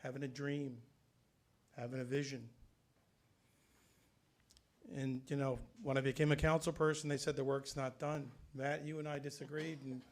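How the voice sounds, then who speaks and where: A man of ordinary pitch addresses his fellow council members at a public meeting. His farewell remarks are earnest and conversational, loose and unscripted. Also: flat delivery, moderate pace, long pauses.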